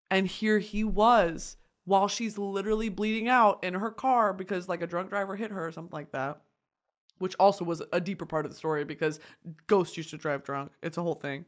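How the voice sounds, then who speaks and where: A woman vlogger retelling a story casually, swearing freely, laughing and shouting at times. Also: medium pitch, fairly quick. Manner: animated, profane, breaks into laughter and shouts.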